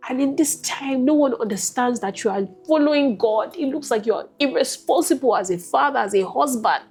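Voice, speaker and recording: A woman with a husky, breathy voice gives a candid personal testimony as an interview guest. She talks softly and leans on repetition to drive home what she felt. Faint music sits behind her. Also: sits high, lively intonation, normal speed. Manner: candid, soft-spoken, repetitive emphasis, rising to intense. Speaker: guest sharing a personal story.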